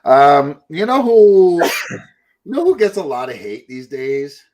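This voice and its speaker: This podcast host speaks at a fairly high pitch, slow and sing-song, with a darkish tone. His casual chat rambles, he curses freely, and he slips into mocking voices.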